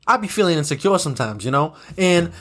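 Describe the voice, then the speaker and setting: A man's voice: fairly high pitch, very animated, fast, a bit bright. A young man hosting a solo podcast episode, ranting in an agitated, profane, repetitive way, full of "you know"s. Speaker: podcast host.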